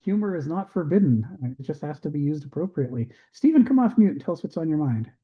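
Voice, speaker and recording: Male discussion host, higher voice, animated lecturer, muffled call audio. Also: quick pace. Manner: animated, acts out quoted voices. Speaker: host of an online discussion group. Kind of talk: casual lecture-style chat.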